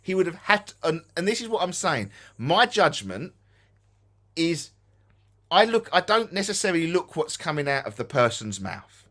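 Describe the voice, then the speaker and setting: A man's voice: fairly high pitch, moderate pace. A man with an Essex accent, co-hosting a casual live-stream chat about ghost hunting, arguing his point and swearing casually. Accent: Essex English. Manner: animated, argumentative, swears casually. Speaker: ghost hunting show co-host.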